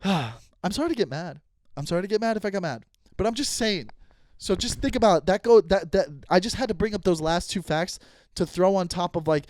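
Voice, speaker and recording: A man hosting his own podcast, ranting heatedly and profanely at his critics, swinging between loud outbursts and low muttering. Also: dry recording, clean studio sound. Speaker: comedian podcast host. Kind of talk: solo podcast rant. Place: Los Angeles.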